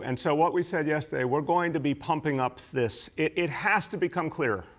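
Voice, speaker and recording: A middle-aged man giving a formal press briefing as mayor, in a measured, emphatic official delivery. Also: medium pitch.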